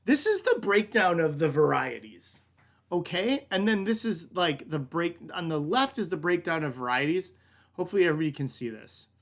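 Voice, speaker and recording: Leading a relaxed virtual wine lesson, this American wine shop director has a voice on the high side, a sing-song lilt, a slightly bright sound, and a moderate pace. His talk meanders and is loaded with fillers such as "like," "um," and "kinda," and he calls everyone "man."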